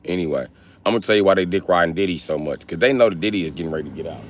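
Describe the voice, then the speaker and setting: A man from the Milwaukee area doing a comedic livestream rant, profane and animated as he tells stories. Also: low voice, rapid-fire. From Milwaukee area, United States.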